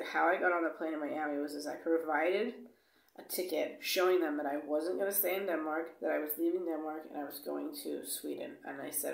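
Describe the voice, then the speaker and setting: A woman's voice: deep voice, vocal fry, a little mellow. A woman telling a travel story in a blunt, casual way, swearing freely and acting out the dialogue. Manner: blunt, swears freely, lots of "like" and "you know"; acts out dialogue when retelling. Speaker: vlogger. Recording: echoey room.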